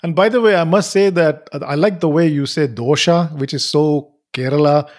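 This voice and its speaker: A man's voice: fairly high pitch, normal speed, a little mellow. Hesitant male podcast host. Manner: hesitant, restarting, affirming. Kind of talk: casual interview conversation.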